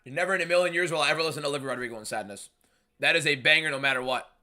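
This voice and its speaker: Loud, emphatic young male streamer. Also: on the high side, rapid-fire. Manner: emphatic and shouty, reading viewer messages aloud. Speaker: live streamer hosting a fight watchalong. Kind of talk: live stream chat and fight commentary.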